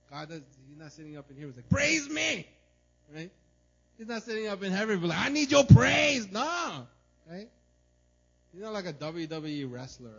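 A man preaching to his church in an animated, conversational way, often checking in with his listeners. His voice sits a bit high for a man. The recording is dull and lo-fi. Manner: animated, tells stories, repeats "right?". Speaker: pastor. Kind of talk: sermon with personal story. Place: church service.

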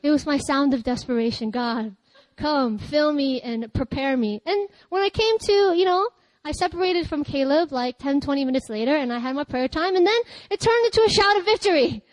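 This sermon comes from a woman pastor with a high voice who talks fairly quickly in a lively, chatty way, frequently laughing and letting out loud cries. It's a rough recording, dry and close-miked, with no room sound at all.

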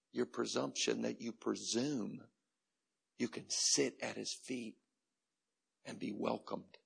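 A man's voice: mid-range voice, gravelly, slightly rough. A male preacher giving a sermon in a conversational, humorous way, repeating phrases for emphasis.

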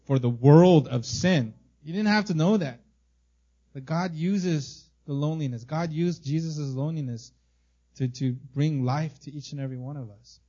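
A man's voice: on the high side, darkish tone. Earnest, emotional man preaching, muffled audio. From Korea, raised in America. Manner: earnest, emotional testimony with frequent restarts. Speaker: pastor. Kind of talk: sermon.

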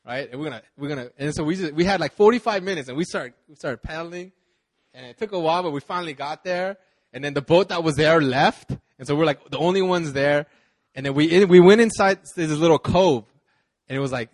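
A man preaching a relaxed, chatty sermon, telling a vacation story with laughs, fillers and restarts. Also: on the high side, brisk. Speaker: pastor. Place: church service.

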